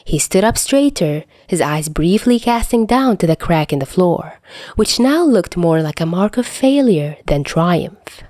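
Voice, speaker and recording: Expressive woman reading a story. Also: fairly low pitch, a little slow, no room sound, studio quality. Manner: expressive storytelling with soft whispered asides. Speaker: podfic reader. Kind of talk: audiobook narration of fan fiction.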